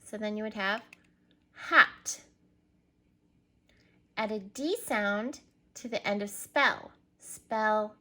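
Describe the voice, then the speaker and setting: A woman's voice: mid-range voice, normal speed, bright, forceful tone. A woman teacher giving a recorded reading lesson to young children, patiently prompting and spelling words out letter by letter.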